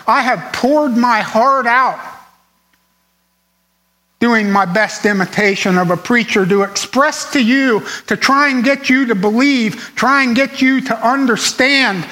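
A man's voice: very high voice, takes it slowly, pushed and bright, low-quality recording. A man preaching a sermon to his congregation, earnest and emphatic, repeating phrases for stress.

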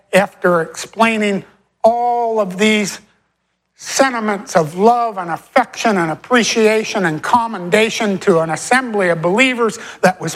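Brief: female preacher, mid-range voice, deliberate and emphatic, leans on repeated refrains. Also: medium pitch, rough recording. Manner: slows and stretches key phrases, repeats refrains. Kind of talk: farewell sermon.

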